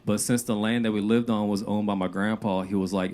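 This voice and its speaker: A man doing a rambling, deadpan stand-up set. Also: lowish voice, a little fast, hardly any pauses. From Louisiana. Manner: deadpan, loose and rambling, with filler "uh"s and "like"s. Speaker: stand-up comedian. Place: comedy club stage. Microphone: handheld stage mic. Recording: noisy live club recording.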